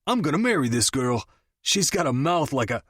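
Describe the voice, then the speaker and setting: A man's voice: mid-range voice, big pitch swings, normal speed, a bit bright, breathy edge, no echo, studio quality, voice pushed up. A man voicing a cocky young best friend who talks in smug, joking banter, in an audiobook. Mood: gleeful.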